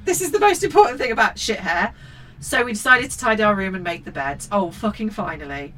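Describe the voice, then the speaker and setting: A woman's voice: mid-range voice, expressive, a little fast, a bit bright. A woman co-hosting a podcast, reading a picture book aloud and breaking off for sweary, mock-outraged commentary. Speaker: podcast co-host.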